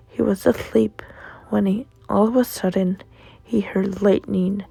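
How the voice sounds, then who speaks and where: Husky woman whispering a bedtime story. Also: mid-range voice, no room sound, low-quality recording. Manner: hushed and gentle.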